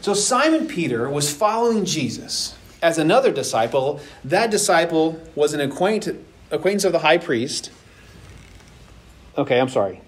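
A man teaching a casual Bible lesson to young adults, retelling the story with lively acted-out voices. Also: fairly high pitch, moderate pace. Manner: animated storytelling, acts out voices with laughs.

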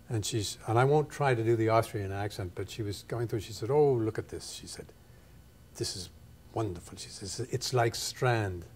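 A man's voice: lowish voice, a little mellow. Thoughtful man telling stories in a studio. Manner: thoughtful, anecdotal, measured. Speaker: photographer and teacher, guest. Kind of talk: reflective storytelling in an interview.

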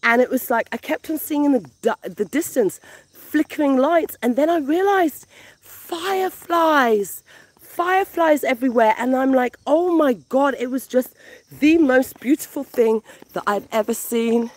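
Woman vlogger from the UK, slightly high voice, excitable, outdoor handheld vlog. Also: normal speed, no echo. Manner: gushing, excitable, repeats words. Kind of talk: casual vlog narration. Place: outdoors in a village.

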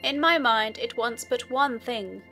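A woman's voice: a little high, measured pace, sharp tone, faint music behind. A woman playing a sly disguised magician. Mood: scheming. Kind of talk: storybook reading.

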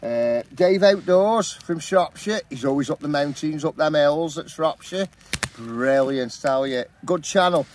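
A middle-aged man chatting in a relaxed, upbeat way as a camping vlogger, talking into a handheld camera outdoors at a campsite. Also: a little high. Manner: chatty, upbeat, says "awesome, mate" often. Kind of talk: casual vlog chat.

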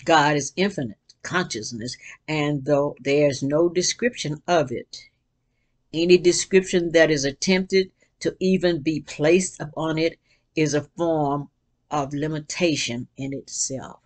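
An older woman talking casually about faith and joy in an earnest, rambling way, often restarting her sentences and breaking into bursts of excitement. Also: sits low, unhurried. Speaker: vlogger reading and reflecting on quotes. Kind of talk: casual spiritual reflection.

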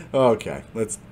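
A man hosting a gaming channel, giving casual commentary on his own gameplay, excitable and laughing often. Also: on the low side, a little hiss or hum.

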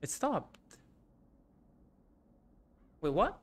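A man's voice: high-pitched, very animated, extremely slow. A young man giving frantic gameplay commentary, panicking and repeating short phrases over and over. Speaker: gaming YouTuber.

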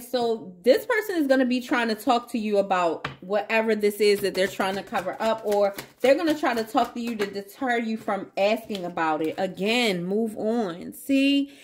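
A woman giving a casual tarot reading to her viewers, chatty and playful, calling them baby and y'all. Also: mid-range voice. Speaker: tarot reader.

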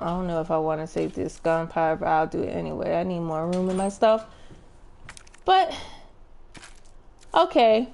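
A young adult woman telling a story with animated, profane energy and lots of restarts while she plays a game. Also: medium pitch, creaky. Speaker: gaming streamer. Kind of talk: casual storytelling while playing.

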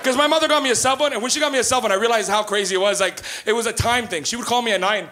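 High-voiced profane stand-up man. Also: very fast, background noise. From Canada. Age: 30s. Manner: profane, animated storytelling. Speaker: stand-up comedian. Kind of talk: stand-up comedy set. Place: comedy club. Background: live audience laughter.

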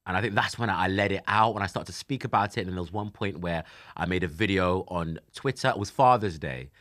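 A man in his twenties hosting a casual chat show, lively and laughing easily, and softer when he speaks of personal loss. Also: low-pitched, brisk. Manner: animated, laughs easily, turns soft and emotional when talking about grief. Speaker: podcast host. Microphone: studio microphone.

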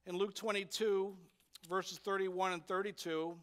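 A man's voice: high-pitched, flat delivery, a little slow, a bit bright. A man, a pastor, preaching a sermon in church, emphatic and repeating his key points, often putting rhetorical questions to the congregation.

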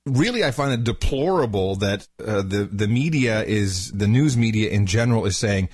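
A man's voice: lowish voice, lively intonation, moderate pace, a little mellow, breathy edge, dry recording, studio quality. A man co-hosting a podcast, giving blunt opinions in casual chat. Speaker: podcast co-host.

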